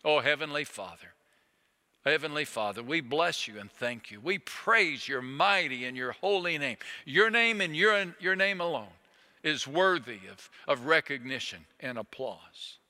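Pleading preacher guy, kinda high voice, reverb like a big hall. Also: expressive, bright, forceful tone. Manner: earnest, pleading, repeats key phrases slowly. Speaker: pastor. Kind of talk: sermon.

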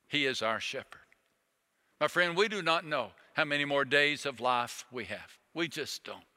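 A man preaching a sermon as pastor, earnest and pleading, slowing down to repeat key phrases. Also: medium pitch, pushed and bright, big-room sound.

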